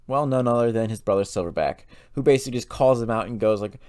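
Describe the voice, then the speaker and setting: A man's voice: medium pitch, quick pace, few pauses, a little mellow, clean tone, no echo, studio quality. A man hosting a lore channel, retelling a story casually with loose fillers and restarts.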